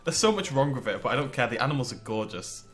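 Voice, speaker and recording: Man, northwest English accent, let's play commentary, chatty, animated pitch. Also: quick pace, faint music behind. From northwest England. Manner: chatty, exclaiming, talks to himself while playing. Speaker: gaming channel host.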